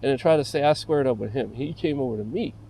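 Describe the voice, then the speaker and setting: A man's voice: medium pitch, fast, dark tone, slight background noise, poor audio. A man ranting casually about an incident, profane and agitated, with many fillers like "bro" and "like". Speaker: vlogger. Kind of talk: casual rant to camera.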